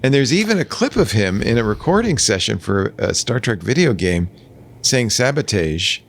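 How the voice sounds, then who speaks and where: Upbeat male tech-show host with a bouncy, playful delivery and lots of pitch movement. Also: moderate pace, slight background noise. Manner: lively, jokey, upbeat. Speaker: podcast host. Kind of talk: tech podcast chat.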